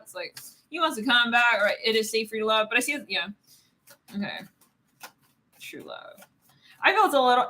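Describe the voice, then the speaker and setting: A woman's voice: medium pitch, lively intonation, normal speed, sharp tone, slight background noise. A woman giving a casual live tarot reading, rambling with many fillers, swearing and laughing often. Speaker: tarot card reader.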